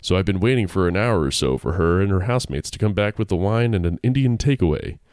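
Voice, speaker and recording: Guy reading a spooky story on a podcast, low voice, dry close sound. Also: animated, quick pace, darkish tone, no room sound. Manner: reads aloud with playful asides and laughter. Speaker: podcast co-host. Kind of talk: casual chat and story reading.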